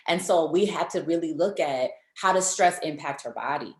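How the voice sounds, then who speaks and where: A woman nutrition coach hosting an interview, explaining her approach step by step in a measured way. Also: low-pitched. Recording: echoey room.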